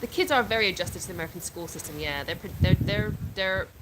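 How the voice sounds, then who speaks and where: A woman's voice: fairly low pitch, fast. A woman, hosting a casual livestream at home and chatting through viewer comments as she reads them out. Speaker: livestream host. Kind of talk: casual live chat. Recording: clear background noise with clicks.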